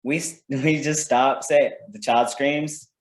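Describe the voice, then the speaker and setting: A man of middle pitch leads a casual teaching talk for parents, tossing out "right?" to check that the room follows along. His voice carries a roomy echo from the space around him. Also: fairly even intonation, slow. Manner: conversational, keeps checking in with "right?". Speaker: parenting workshop presenter.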